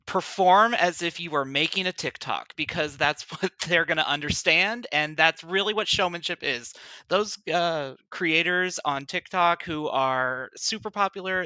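Relaxed guy on a podcast, kinda high sharp voice, dry sound. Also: clean tone, no room sound. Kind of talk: casual chat.

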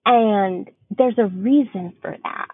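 A woman's voice: medium pitch, slow pace, slightly rough. A young woman co-hosting a podcast, talking candidly in casual chat, swearing freely and full of fillers. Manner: frank, swears freely, chatty with many fillers. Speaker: podcast co-host. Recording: tinny phone-like dry sound.

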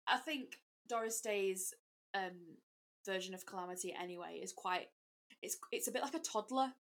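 A woman's voice: mid-range voice, moderate pace, a bit bright. A woman co-hosting a podcast in casual chat, enthusiastic and chatty. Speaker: podcast co-host.

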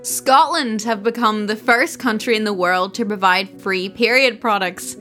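Bright-voiced woman reading joke news. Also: medium pitch, a little slow, hardly any pauses, faint music behind. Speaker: comedy news podcast co-host. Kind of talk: scripted comedic news reading.

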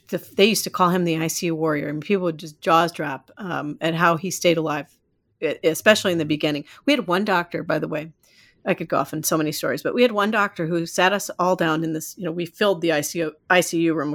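A woman guest on a podcast, telling a personal story in an animated, rambling way and laughing often. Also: low voice, fast. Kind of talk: storytelling in casual interview.

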